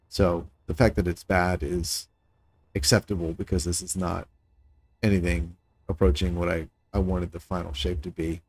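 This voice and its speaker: Low-voiced man streaming a game. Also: darkish tone, dry recording. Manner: thinking aloud, musing and self-critical; talks to chat viewers in passing. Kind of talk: casual live-stream commentary while building.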